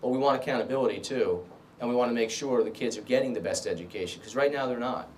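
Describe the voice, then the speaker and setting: A middle-aged man running for office delivers an emphatic rally speech in a club meeting room, then takes questions. He speaks quickly at a medium pitch in a repetitive stump-speech style, with slight background noise.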